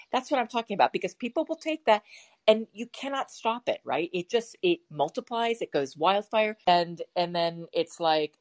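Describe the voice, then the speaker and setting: A woman's voice: fairly low pitch, expressive, moderate pace. A woman co-hosting a podcast, chatting casually and rambling as she thinks aloud, with many fillers. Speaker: podcast co-host. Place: home setup with a bird in the background.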